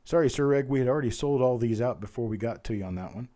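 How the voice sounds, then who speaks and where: A man running a live coin auction stream, rattling off bid calls and greeting viewers by name. His voice is very dark and mellow, sitting at an ordinary middle pitch, and sounds a little worn from hours of talking. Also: fast. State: voice strained from talking.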